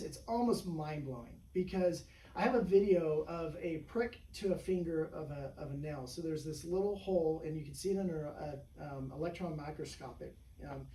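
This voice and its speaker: A slightly high, mellow-voiced man who works as a chiropractor rambles casually through patient stories during an interview, often saying "you know" and "right?". The recording has room echo, a distant mic, and a faint hum in the background.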